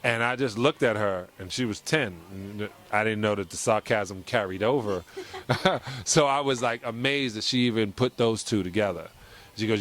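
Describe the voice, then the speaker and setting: A middle-aged man giving a casual interview at an event, chatty and quick to laugh, telling stories with quoted voices. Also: fairly low pitch, fairly bright tone. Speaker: interview guest.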